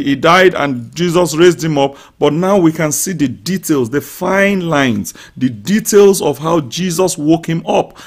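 A pastor delivering a live-streamed sermon, swinging from quiet scripture reading to loud, fervent shouting and praying aloud over his listeners. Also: fairly high pitch. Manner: speaks in tongues and prays aloud over listeners.

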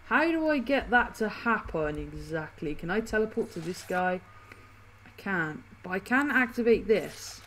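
A woman hosting a gaming channel, chatting excitedly through casual gameplay commentary and laughing often. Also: medium pitch, measured pace, a little hiss or hum.

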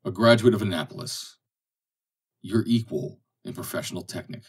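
A man's voice: low voice, normal speed, slightly rough, far from the mic. A man reading the lines of a defiant, hard-drinking, educated sailor, speaking with passion and indignation. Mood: indignant. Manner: impassioned, indignant. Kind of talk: audiobook dialogue reading.

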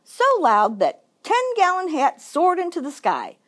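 A woman children's librarian reading a picture book aloud for story time, in an expressive, sing-song storytelling manner. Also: high-pitched, measured pace.

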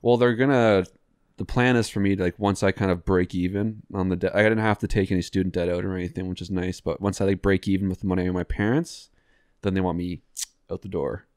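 A young man in his twenties chatting casually on a podcast, halting and rambling with lots of fillers and restarts. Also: low-pitched, fairly even intonation, a little mellow, no room sound, clean studio sound. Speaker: podcast co-host. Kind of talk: casual chat.

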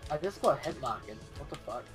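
Man, co-player, teasing banter, crude humor, lively pitch, background music. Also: fairly quick. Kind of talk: casual gameplay banter.

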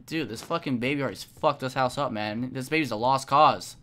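A young woman streaming a game, giving casual commentary with lots of swearing and sudden shouts. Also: rumbling low, fairly quick, slight background noise. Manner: profane, excitable, frequent shouting.

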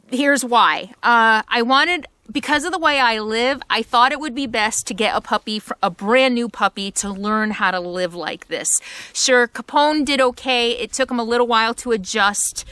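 Woman vlogger, slightly high voice, chatty and personal, dry close mic. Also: moderate pace, clear, resonant tone, no room sound. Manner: chatty, warm baby talk to a puppy, laughs often. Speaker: full-time RV vlogger. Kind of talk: casual vlog talk. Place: inside an RV.

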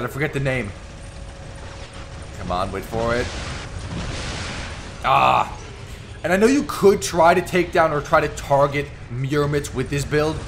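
A man giving excitable live commentary over his own gameplay, teasing and taunting the opponents as he plays. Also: fairly high pitch, slight background noise. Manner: excitable, trash-talking the enemies. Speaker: gaming YouTuber.

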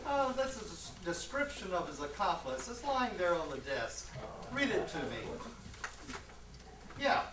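A woman plays a brusque, blustering male police lieutenant in a stage play. The lines come slowly and swing up and down in pitch. The far mic catches a lot of echo and clear hiss. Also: big pitch swings. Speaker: stage actor.

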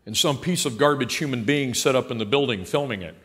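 Fiery older preacher in an echoing church. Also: male voice, mid-range voice, fairly quick. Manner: emphatic, swinging from quiet asides to loud passionate outbursts; blunt and folksy. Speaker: pastor. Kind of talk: sermon. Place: large church sanctuary. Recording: long hall reverb in a church.

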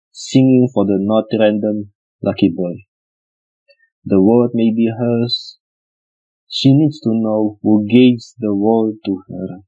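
Guy with a low husky voice reading a solemn script, slow and earnest, kinda muffled lo-fi audio. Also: dark tone. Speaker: narrator.

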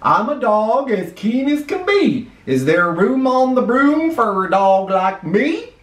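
Man voicing a keen friendly storybook dog, higher voice, echoey room, mic set back. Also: very animated, takes it slowly, recorded from a distance, exaggerated voice. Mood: eager. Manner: keen, upbeat.

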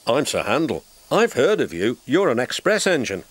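A man's voice: medium pitch, wildly swooping pitch, moderate pace, a little hiss or hum. A man voicing a haughty, boastful steam engine who grumbles and scorns everything around him. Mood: scornful. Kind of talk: storybook character voice. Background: music score.

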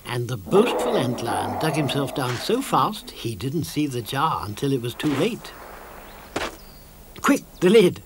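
An older British man narrating a children's cartoon in a measured storytelling manner. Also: medium pitch, sing-song, slight background noise. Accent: British English. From Britain. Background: music.

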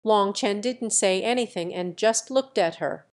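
Woman narrator for a serialized fantasy audiobook, mid-pitched, steady even reading. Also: a little slow. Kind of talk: scripted narration of a translated web novel.

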